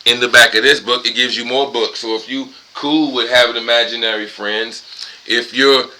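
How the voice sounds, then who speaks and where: A man's voice: medium pitch, fairly even intonation, normal speed, bright, forceful tone, slight background noise, poor audio. A buzzed man rambling and ranting profanely at home in a casual vlog monologue. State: tipsy and high. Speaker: vlogger.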